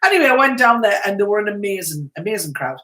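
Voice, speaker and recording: A woman co-hosting a casual live stream, telling stories in a lively way and laughing often. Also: medium pitch, fast, reverberant, poor audio. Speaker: co-host. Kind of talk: casual live chat, storytelling.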